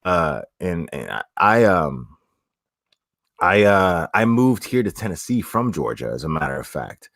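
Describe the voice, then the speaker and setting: Low-pitched and sing-song, a South Florida streamer with a matching accent speaks at a measured pace with a slightly bright tone. He casually answers livestream comments, rambling, cursing, and restarting frequently. The audio is clean studio sound with no echo.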